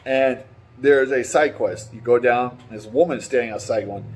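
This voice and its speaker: A man talking casually and excitably about a game, swearing freely and rambling between stories. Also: medium pitch, normal speed, slight background noise. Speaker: gaming vlogger. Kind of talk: casual opinion chat.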